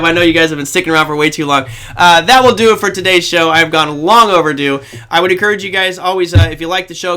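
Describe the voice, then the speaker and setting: A man's voice: on the high side, bright, forceful tone. A man hosting a trading show, giving casual, rambling market commentary to his viewers with a self-deprecating touch.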